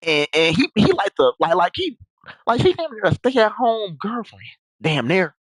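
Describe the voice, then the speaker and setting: Young man, streamer, rambling casual story, animated intonation. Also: sits high, moderate pace, no room sound, studio quality. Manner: rambling, full of restarts and asides.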